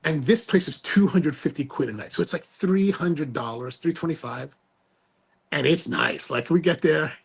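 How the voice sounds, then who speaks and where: A male podcast host telling a story in a casual, animated way, full of slang and restarts. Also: on the high side, normal speed, creaky, slight background noise.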